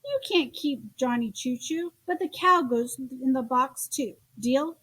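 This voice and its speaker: A woman's voice: high voice, measured pace, fairly bright tone. A woman voicing a firm, impatient mother fed up with her son's toys. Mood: bargaining. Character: exasperated mom clearing out toys.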